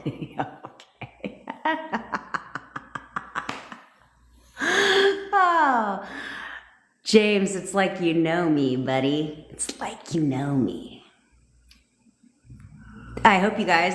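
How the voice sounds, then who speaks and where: Brash, low-voiced woman streaming live. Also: echoey room, a little hiss or hum. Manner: blunt, profane and excitable, often laughing. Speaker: manifestation coach hosting a livestream. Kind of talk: casual livestream chat with viewers.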